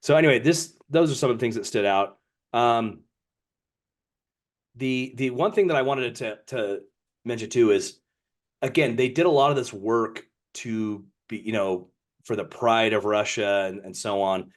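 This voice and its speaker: A man's voice: medium pitch, moderate pace. A man co-hosting a book podcast, talking casually and rambling, often repeating words as he restarts. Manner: rambling, repeats words, reads passages aloud. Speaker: podcast co-host.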